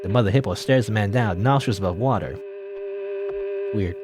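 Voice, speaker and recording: A man's voice: fairly low pitch, moderate pace, over loud music. A man hosting a let's play, reading a game's text aloud with playful, laughing asides.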